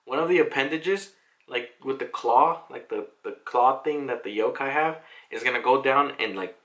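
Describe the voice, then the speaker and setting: A man's voice: medium pitch, moderate pace, fairly bright tone. A young man casually recapping a comic chapter, chatty and laughing, with frequent swearing. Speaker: manga reaction youtuber.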